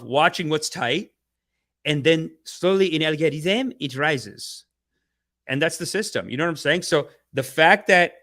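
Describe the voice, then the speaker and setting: A man hosting a livestream podcast, talking in energetic slang and playful mock-spiritual preaching, with big swings in loudness. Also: on the high side. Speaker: podcast host.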